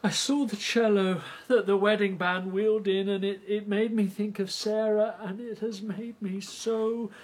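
Bitter, grieving widower, acted: halting, self-loathing, tearful. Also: medium pitch, little pitch movement, natural voice. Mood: mournful. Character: despairing grieving older widower. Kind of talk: stage or radio play acting.

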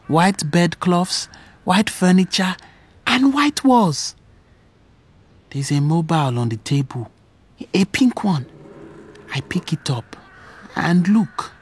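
A woman narrating a story in the first person, hushed and wondering. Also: lowish voice, breathy edge.

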